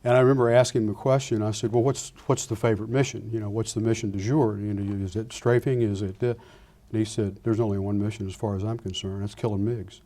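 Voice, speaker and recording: Older man telling war stories, warm tone. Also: on the low side, fast talker, hardly any pauses. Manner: animated storyteller acting out dialogue, frequent restarts. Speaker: guest speaker, retired Air Force pilot. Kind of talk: anecdotal lecture storytelling.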